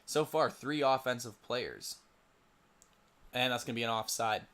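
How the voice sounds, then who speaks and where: Young guy doing casual play by play, mid pitched voice, trips over names and mutters to himself. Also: lively intonation, measured pace, fairly bright tone, smooth. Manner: stumbles over player names and mutters asides. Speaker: play-by-play commentator for a simulated lacrosse league. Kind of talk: casual solo game commentary.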